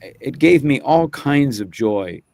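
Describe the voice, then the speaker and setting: A man's voice: mid-range voice, lively intonation, slow, vocal fry, a little mellow, no echo. A man, a voice actor guest, talking in a thoughtful, reflective way and often restarting his phrases. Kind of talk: casual chat.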